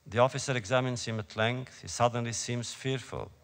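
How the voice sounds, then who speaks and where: A man reads his own stories to a live audience, slow, solemn and measured. His mid-range voice carries a long reverb from a large lecture hall. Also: mid-range voice. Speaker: author reading his own work. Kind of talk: reading prose to a live audience.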